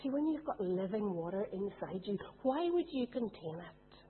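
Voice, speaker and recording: Speaking at a normal pace with a medium-pitched, sing-song voice, a woman delivers a sermon and puts rhetorical questions to her congregation. The audio sounds tinny, like a phone, with slight background noise.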